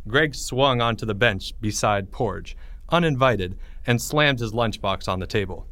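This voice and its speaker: Narrador expresivo, voz muy viva. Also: male voice, lowish voice, unhurried, dry recording. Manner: expressive, plays each character. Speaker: author and audiobook reader. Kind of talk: scripted storybook narration.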